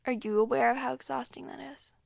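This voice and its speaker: A young woman with a somewhat high voice talks straight to her listeners in a candid, emphatic way, swearing freely and scattering "like" through her sentences. The sound is dry and close, with no room around it. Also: fairly even intonation, fast, creaky, darkish tone, no room sound. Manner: candid, profane and emphatic, with frequent "like" fillers. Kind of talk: casual solo talk.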